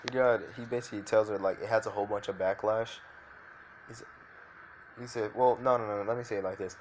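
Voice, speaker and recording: Male narrator, lowish voice, loose off-the-cuff storytelling full of fillers. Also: fairly even intonation, brisk, slight background noise. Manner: rambling, filler-heavy, frequent restarts. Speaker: fan fiction storyteller.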